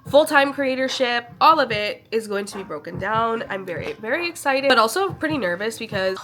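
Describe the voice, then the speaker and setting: A woman's voice: on the high side, animated, a little fast, few pauses, pushed and bright. A young woman from Chicago, chatting casually and sentimentally to camera in a vlog, full of fillers. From Chicago, USA. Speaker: vlogger.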